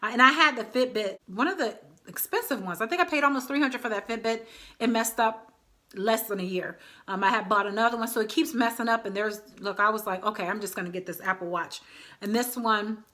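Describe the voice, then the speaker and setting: A woman's voice: a little high, a little fast, bright, forceful tone. A woman in her thirties chatting casually to her viewers as a vlogger, often calling them y'all. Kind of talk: casual chat to camera.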